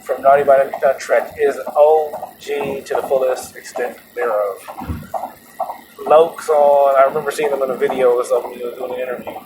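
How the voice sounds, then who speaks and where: A man's voice: medium pitch, steady tone, normal speed. Chatty man recording from a car. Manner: chatty, laughs often, many restarts. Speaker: podcast host. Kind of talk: rambling casual monologue. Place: moving vehicle. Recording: road noise in a car. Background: road noise.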